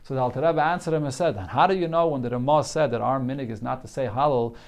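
A man's voice: mid-range voice, fast talker, few pauses, a little mellow. Man teaching Talmud, phrase by phrase. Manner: reads a phrase, then explains it in English, with frequent restarts. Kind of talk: Talmud lesson, translating Hebrew and Aramaic phrase by phrase.

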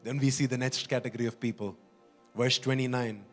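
A man's voice: mid-range voice, fairly even intonation, brisk, faint music behind. A man preaching a sermon in an earnest, pleading way, often repeating and restarting phrases.

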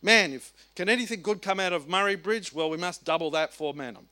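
A middle-aged Australian man preaching a sermon, animated and colloquial, firing off rhetorical questions. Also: sits high, brisk. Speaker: pastor.

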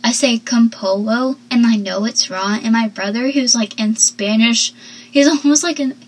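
A young woman with a slightly husky, fairly high voice chats through a recap of a TV episode. She rambles and drifts into personal asides as she goes. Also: steady tone, moderate pace, rough recording. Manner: rambling and talkative, with asides and laughs. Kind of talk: casual chatty recap.

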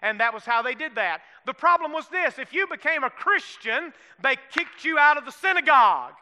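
High, bright Southern preacher. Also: male voice, animated, normal speed. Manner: folksy, calls for amens, asks the room questions. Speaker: pastor. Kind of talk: sermon. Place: church sanctuary. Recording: long hall reverb.

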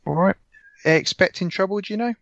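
A man's voice: high-pitched, fairly quick, creaky, fairly bright tone, dry recording. A laid-back, cocky man playing his character in a tabletop game. He keeps calling others mate. His mic sounds dull and very dry. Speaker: player.

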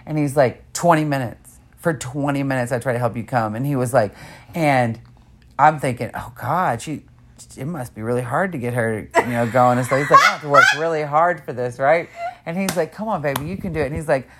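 A woman telling a frank, profane story in casual chat, quoting others in animated voices and laughing often. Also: extremely low pitch, moderate pace, heavy background noise.

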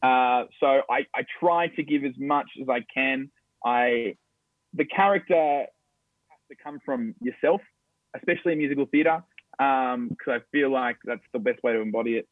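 A man's voice: mid-range voice, moderate pace, no room sound. Chatty Australian man on a tinny line. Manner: chatty, storytelling, upbeat. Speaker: guest, stage actor. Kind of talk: casual interview chat. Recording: dry tinny phone-like line.

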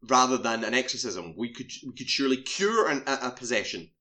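A man casually retelling a horror film's plot in a relaxed chat. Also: medium pitch, a little fast. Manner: animated storytelling, swears casually. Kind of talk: casual film recap chat.

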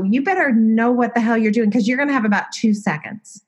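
A woman's voice: fairly high pitch, a little fast, slightly rough. A middle-aged woman, a designer and former TV host, telling stories in a casual interview in a candid, self-deprecating way.

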